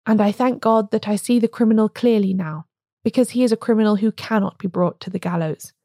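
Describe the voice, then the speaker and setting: A woman's voice: mid-range voice, brisk, dark tone, no echo, clean studio sound, close to an everyday voice. A woman reading a storybook voicing an agitated, stammering male curate. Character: nervous excited male curate, feverish.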